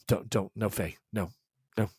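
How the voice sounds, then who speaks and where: A man playing a frail, injured young woman, halting and genteel. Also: on the low side, fairly even intonation, darkish tone, husky, dry recording, clean studio sound. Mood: anxious. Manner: halting, stammering and apologetic. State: weak and in pain.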